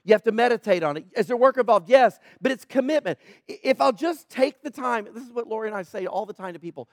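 A man's voice: high-pitched, expressive, fast, no echo, clean studio sound. A man preaching a sermon in an earnest, conversational way, calling out to people in the congregation and repeating key phrases. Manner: conversational, calls out to congregation members. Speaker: pastor.

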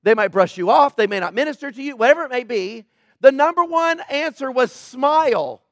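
A middle-aged man delivers a sermon in a chatty, sarcastic tone, slipping into quiet asides. His voice sits high for a man. The sound is close and dry, with no room around it. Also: lively intonation, a little fast, no echo. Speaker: pastor.

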